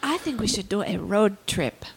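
A woman's voice: medium pitch, animated, moderate pace, a loud crowd. A woman in a casual group podcast chat, playful and chatty. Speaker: podcast host.

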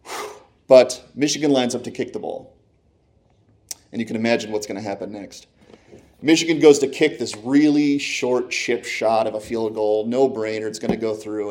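A man recounts a story from the stands with an animated, conversational delivery. He slips into quoting his own reactions, jumping up and down in pitch and loudness as the tension builds. His voice sits at an ordinary middle pitch for a man. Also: normal speed. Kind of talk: personal sports anecdote.

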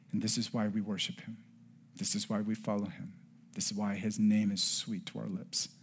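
A man in his forties preaching a sermon, dropping to soft near-whispers and then rising to emphatic passages, and telling a family story with acted-out dialogue. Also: lowish voice, husky. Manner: swings between hushed near-whispers and raised emphatic passages. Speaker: pastor.

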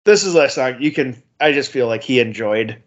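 A man in his forties co-hosting a podcast, talking in a loose, rambling way full of "like"s and little chuckles. His pitch is ordinary. The audio is dull and muffled, with the highs cut off. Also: animated, moderate pace, a little hiss or hum. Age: 40s. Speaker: podcast co-host. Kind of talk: casual chat.

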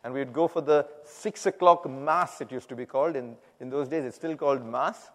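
A man telling his personal testimony to a congregation, animated, acting out the people he quotes and laughing at himself. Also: mid-range voice, fairly quick. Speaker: speaker giving a personal testimony. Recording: long hall reverb.

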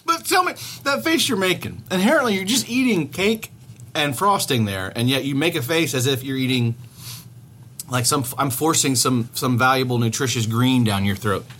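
A man's voice: mid-range voice, animated, moderate pace, a bit bright. A man co-hosting a casual chat, teasing and opinionated. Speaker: podcast co-host. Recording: faint background noise.

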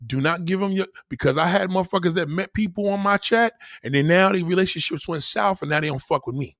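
A man hosting a livestream, ranting loudly and profanely as he reacts to viewer comments. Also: sits high, quick pace, no room sound. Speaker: livestream host. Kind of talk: heated livestream rant.

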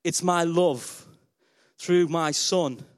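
A man's voice: high voice, normal speed, gravelly, a bit bright. A man voicing God as a loving, fatherly male figure who speaks in a tender, reassuring, declarative way.

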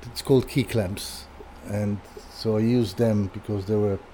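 Speaking as an interview guest, an older furniture designer shares a casual anecdote in a halting way, with frequent restarts and repeated words. He sits on the low side, sounds mellow and keeps his intonation fairly even, over slight background noise.

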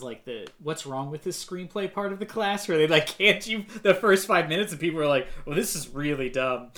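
A man co-hosting a laid-back movie review podcast rambles with plenty of filler words and mocking, put-on quotes. His voice sits on the high side with a fairly bright tone.

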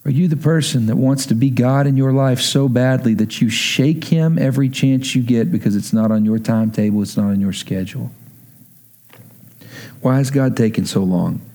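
A man's voice: moderate pace, warm tone. A man preaching earnestly as pastor, then leading a prayer and an altar call. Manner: earnest, emotional, rising in pitch as he pleads.

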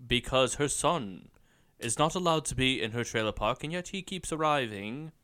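A man co-hosting a casual podcast, chatty and quick to laugh. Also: medium pitch, expressive, pushed and bright, smooth. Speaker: podcast co-host.

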